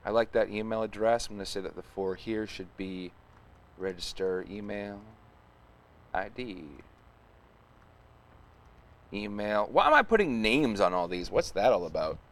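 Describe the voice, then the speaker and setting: Male streamer, lowish voice, casual live-coding commentary, thinks aloud and mutters while working. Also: lively intonation, moderate pace, fairly bright tone.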